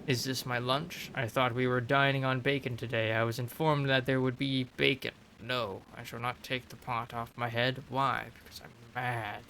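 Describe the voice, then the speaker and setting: A man's voice: mid-range voice, little pitch movement, normal speed, creaky, hardly any pauses, bright, forceful tone, slight background noise. A man voicing an eccentric mad old man wearing a pot on his head, haughty and indignant.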